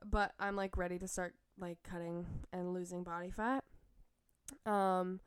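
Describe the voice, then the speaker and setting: A woman's voice: on the low side, little pitch movement, a little slow, smooth, dry recording, clean studio sound. A young woman rambling casually in a vlog, chatty and full of fillers, laughing often. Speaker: vlogger.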